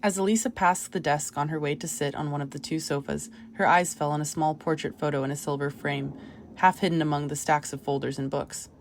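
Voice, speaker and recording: A woman narrating a short story audiobook in a measured, even manner. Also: sits low, slight background noise.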